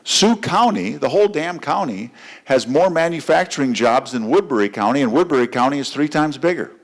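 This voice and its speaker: Telling stories at a fundraiser, a man running for office delivers a conversational campaign speech full of fillers. He talks fairly quickly in an animated, fairly high-pitched voice.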